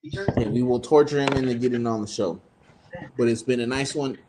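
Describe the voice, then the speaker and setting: A man's voice: mid-range voice, normal speed, noisy background. A man on a casual podcast telling a family story, cursing freely and acting out the voices of his relatives. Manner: profane, animated, slips into voices of relatives. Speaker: podcast co-host.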